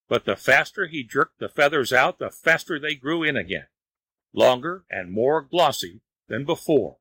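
A man narrating a storybook tale in a measured, even reading voice. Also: medium pitch, husky, dry recording, low-quality recording.

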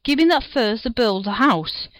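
Lady doing a tiny squeaky little pig, clever and eager, real high. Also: animated, normal speed, natural voice. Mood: plucky. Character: small clever male piglet, plucky.

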